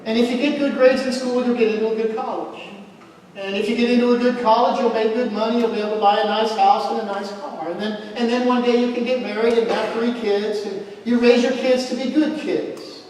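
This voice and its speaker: A man's voice: very high-pitched, fairly even intonation, fairly quick, darkish tone, a little hiss or hum. A male pastor preaching a sermon as a storyteller who builds to emphatic points, recorded in a church hall. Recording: echoey hall, mic far off.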